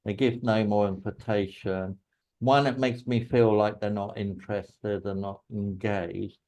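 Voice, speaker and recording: A man with an English accent, a teacher explaining English usage in a relaxed way and telling anecdotes. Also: fairly low pitch, a little slow, rough recording.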